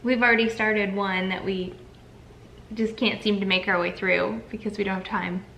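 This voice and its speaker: Bright-voiced chatty young woman. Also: mid-range voice, fairly even intonation, moderate pace, vocal fry, a little hiss or hum, poor audio. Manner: chatty and upbeat. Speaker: co-host. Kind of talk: casual chat.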